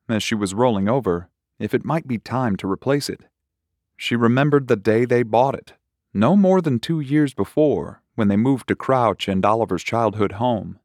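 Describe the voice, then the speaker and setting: A man reading a horror short story aloud in a measured, unhurried way. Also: mid-range voice, darkish tone, dry recording, clean studio sound. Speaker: narrator. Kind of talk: scripted horror story narration.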